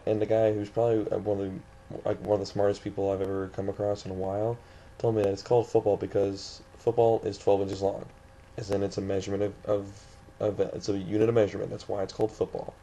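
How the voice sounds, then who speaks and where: A man's voice: fairly low pitch, flat delivery, a little fast, dark tone, slight background noise. A young man from the St. Louis area, ranting indignantly in a vlog, rambling with many restarts. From St. Louis area, USA. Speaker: vlogger.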